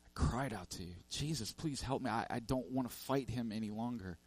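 A man's voice: mid-range voice, brisk, darkish tone, lightly acted. A man acting out a desperate homeowner who pleads and cries out for help against the devil, in a sermon parable. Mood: pleading. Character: desperate man battling the devil in his home.

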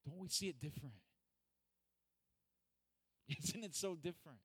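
A man's voice: a little high, lively intonation, unhurried, husky, no echo. A man preaching a sermon, earnest and repetitive, building to emphatic peaks.

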